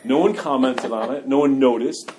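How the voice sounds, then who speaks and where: A man's voice: medium pitch, moderate pace. A man with a mid-range voice tells a story from his own life, loose and chatty, leaning on filler words. His humor pokes fun at himself, and the sound carries a faint hiss behind it. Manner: loose and conversational, self-mocking humor, many "like" fillers. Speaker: person sharing his recovery story. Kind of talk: candid personal storytelling.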